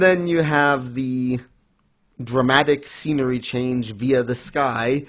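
A man's voice: medium pitch, steady tone, slow pace, fairly bright tone. Rambling man recapping a story casually. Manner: rambling, filler-heavy storytelling with many restarts. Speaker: podcast host recapping an anime. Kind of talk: casual chat.

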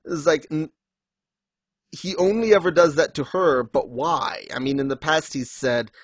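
A man in casual chat, recapping story scenes and acting out characters' lines in quick little voices, laughing often. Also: on the high side, dry recording. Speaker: podcast co-host discussing a manga.

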